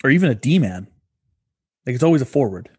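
Young male podcast co-host, husky and lively in pitch, crude joker, dry close sound. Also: brisk, no room sound. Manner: crude, joking, swears a lot. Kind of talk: casual chat.

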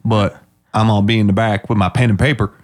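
A man's voice: lowish voice, flat delivery, fast. A man co-hosting a podcast in casual, jokey chat, rambling and restarting his sentences. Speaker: podcast co-host.

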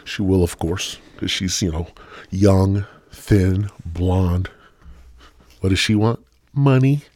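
Low-voiced man ranting, swearing freely. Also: slow, a little mellow, dry recording. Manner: rambling, heavy swearing; sardonic, joking asides. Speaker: podcast host. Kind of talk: casual solo rant.

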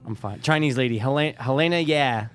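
A man chatting casually as a podcast co-host, eager and quick to blurt out excited remarks. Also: mid-range voice, faint music behind. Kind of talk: casual chat.

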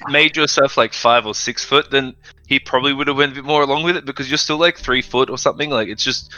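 A man's voice: medium pitch, fast, sharp tone, no room sound, muffled recording. A man playing a tabletop game, boisterous and joking. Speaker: player. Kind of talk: casual chat during a tabletop game.

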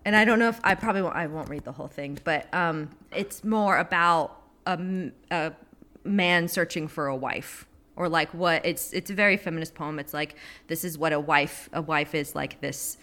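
A woman chats casually about books in a bright, forward voice. She wanders through her thoughts and corrects herself mid-sentence. She breaks into small laughs as she goes. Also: low-pitched, moderate pace. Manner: rambling, self-correcting, laughing often. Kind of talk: casual literary discussion.

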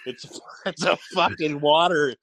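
A man's voice: a little high, a little slow, a bit bright, no echo, rough recording. A man joking and swearing in casual podcast banter. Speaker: podcast co-host. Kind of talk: casual chat.

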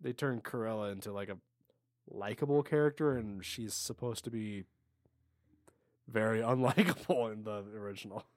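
Brief: laid-back male podcast co-host, halting delivery, dry close mic. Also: lowish voice, dry recording. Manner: easygoing, halting, many restarts and laughs. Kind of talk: casual chat over drinks.

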